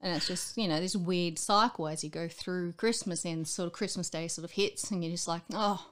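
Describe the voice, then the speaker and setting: An Australian woman chatting casually on a podcast, telling candid, animated stories and acting out other people's voices. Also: on the low side, fairly quick. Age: adult with school-age children. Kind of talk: casual chat.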